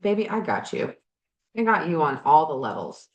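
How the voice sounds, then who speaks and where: With a low, sing-song voice at normal speed, a woman life coach and podcast host offers candid motivational chat while working on projects in her garage, speaking frankly, animatedly, and sometimes swearing. The sound is lo-fi with a roomy echo.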